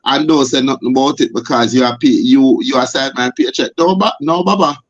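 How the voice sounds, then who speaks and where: A man's voice: mid-range voice, brisk. Impassioned Jamaican man, lo-fi audio. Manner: forceful, repetitive, rhetorical questions. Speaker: guest. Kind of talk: impassioned talk show discussion. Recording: dull lo-fi audio.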